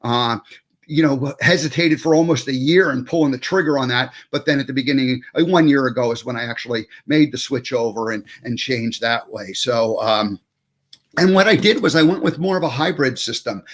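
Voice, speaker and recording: A man's voice: medium pitch, moderate pace. A man hosting a casual online talk show over a video call, rambling loosely with plenty of fillers and restarts. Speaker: show host.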